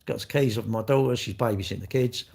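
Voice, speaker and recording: An older man, chatting loosely and bluntly to his livestream viewers. He jokes and swears freely, and his voice sits fairly low. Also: fast, creaky, darkish tone, husky. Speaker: livestream host. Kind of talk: casual chat with viewers.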